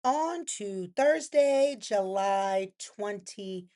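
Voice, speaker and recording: A woman hosting a casual recap vlog, chatty and opinionated, acting out quotes with sudden jumps in voice. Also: slow pace. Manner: chatty, animated, acts out characters' quotes in lively pitch jumps; opinionated asides to the viewer. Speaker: soap opera recap host.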